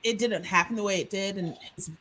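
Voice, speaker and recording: A woman guest on a panel show, speaking earnestly and haltingly. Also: mid-range voice, a bit bright, rough recording. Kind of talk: casual panel chat.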